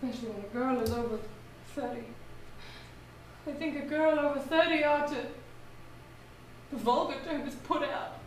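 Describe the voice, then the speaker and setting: A woman's voice: high-pitched, normal speed, pauses often, natural voice. A woman playing a faded, fluttery woman past thirty. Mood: anxious. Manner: theatrical, fluttery, pleading stage delivery. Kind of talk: live stage play acting. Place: theater stage. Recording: echoey hall, far mic, faint noise.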